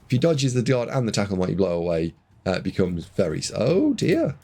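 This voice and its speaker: A man casting a video game match, excitable, jumping from loud shouts to muttered asides. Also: deep voice, quick pace. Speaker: game caster.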